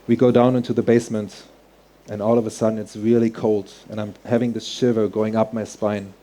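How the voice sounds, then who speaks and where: A man's voice: lowish voice, level tone, fairly quick, mellow. A man telling a personal story on stage, earnest and heartfelt, in vivid present tense. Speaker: speaker.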